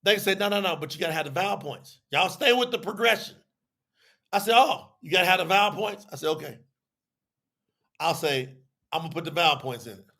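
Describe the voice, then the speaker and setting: A man's voice: high-pitched, vocal fry, sharp tone. A man teaching a live audience on a religious telethon, chatty and repetitive, acting out both sides of an argument as he explains.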